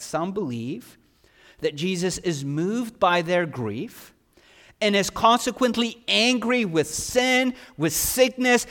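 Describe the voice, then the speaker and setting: A man preaching a sermon, asking rhetorical questions and swinging from loud emphasis to hushed lines. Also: sits high. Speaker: pastor. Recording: long hall reverb.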